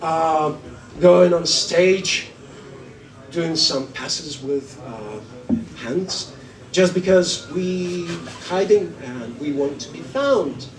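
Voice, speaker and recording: A man doing a stand-up set in a slow, halting way with many pauses. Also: a little high, animated, far from the mic. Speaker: stand-up comedian. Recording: echoey room, away from mic.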